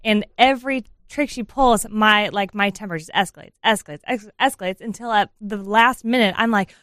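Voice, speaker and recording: A woman's voice: on the high side, brisk, hardly any pauses, dry recording, clean studio sound. Laughing woman telling a story on air. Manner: animated storytelling, laughing, self-deprecating. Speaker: radio co-host. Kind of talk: casual chat.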